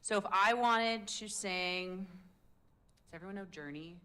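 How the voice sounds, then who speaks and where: A woman coaching public speaking in a live workshop, energetic and playful, demonstrating different voices. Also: mid-range voice, measured pace. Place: workshop room with audience.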